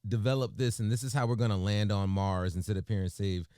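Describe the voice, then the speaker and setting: A man co-hosting a morning radio show, bantering and joking with an animated, emphatic delivery in a studio. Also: lowish voice, quick pace, clean tone, no echo.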